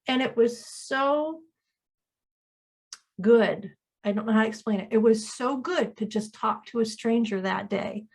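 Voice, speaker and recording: A woman co-hosting a casual chat, sharing a personal memory in a gentle, earnest way. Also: on the high side, measured pace, gravelly, breathy edge. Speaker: co-host.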